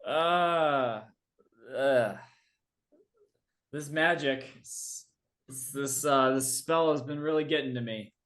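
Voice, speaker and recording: A man acts out a flustered male adventurer in a tabletop game. He stammers through halting excuses and speaks slowly. His voice sits at an ordinary middle pitch. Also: fairly bright tone.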